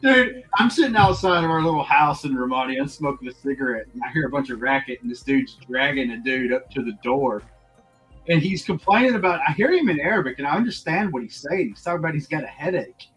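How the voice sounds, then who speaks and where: A man's voice: on the high side, expressive, quick pace, a bit bright, soft background music, rough recording. A man who is a military veteran, telling crude stories and laughing on a casual podcast.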